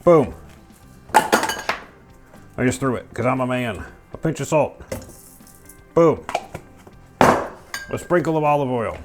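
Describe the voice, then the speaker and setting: A man's voice: mid-range voice, lively intonation, unhurried, long pauses, loud music behind the voice. Goofy man cooking in his kitchen. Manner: goofy, talks to himself, silly sound effects. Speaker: home cooking vlogger. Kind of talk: casual cooking chat. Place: small home kitchen.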